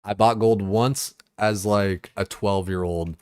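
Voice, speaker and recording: A young man ranting on his gaming stream sounds exasperated and loose, swearing often and leaning on fillers. His voice is on the low side, slow and fairly even in intonation, a little mellow with a clear, resonant tone, in a dry, clean studio recording.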